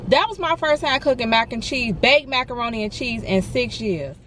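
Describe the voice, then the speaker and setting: With slight background noise, a young woman vlogs from her car in a slightly high voice at normal speed. She's animated and venting, speaking directly to viewers and peppering her casual chat with "y'all" and "honey."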